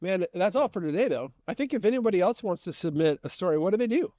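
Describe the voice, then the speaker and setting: A man's voice: high-pitched, animated, fast, mellow, dry recording. A man co-hosting a podcast, telling funny stories casually and laughing often. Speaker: podcast co-host. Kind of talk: casual storytelling chat.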